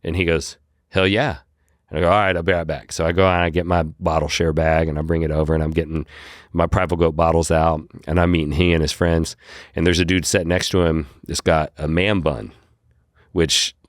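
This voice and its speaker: Deep-voiced man telling a story. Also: brisk, no echo, clean studio sound. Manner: animated, acts out his own quotes. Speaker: podcast guest, whiskey brand founder. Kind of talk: casual storytelling.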